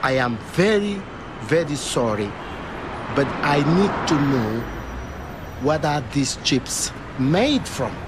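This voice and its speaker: A man's voice: a little high, sing-song, slow pace. An actor playing an overly polite, apologetic man who keeps asking the same question, in a film comedy. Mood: baffled. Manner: formal, apologetic, earnest. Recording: outdoor street noise, passing cars.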